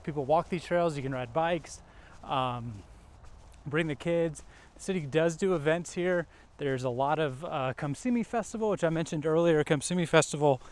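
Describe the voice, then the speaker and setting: A man from around Rock Hill, South Carolina, hosting a casual walking tour vlog outdoors, chatting easily with lots of fillers. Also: fairly high pitch. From Rock Hill area, South Carolina. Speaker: vlog host, local realtor-style guide. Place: outdoors in a park and shopping plaza.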